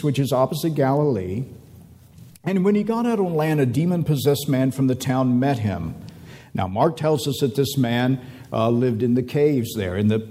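A man preaching a sermon, reading scripture aloud and stretching words out for emphasis. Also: medium pitch. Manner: animated, drawn-out emphasis, reads scripture aloud.

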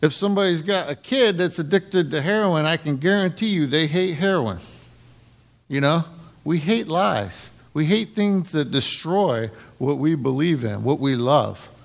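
A man's voice: fairly high pitch, animated, measured pace, gravelly. A middle-aged man preaching a casual sermon in a conversational way, often checking in with the congregation. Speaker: pastor.

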